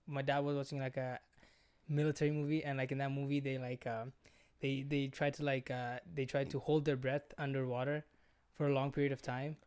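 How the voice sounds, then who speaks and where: A man's voice: mid-range voice, level tone, fairly quick, darkish tone, clear, resonant tone. A young man telling rambling stories in a casual podcast chat, swearing a lot and filling his talk with "like". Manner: swearing, rambling storyteller with many fillers. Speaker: podcast co-host.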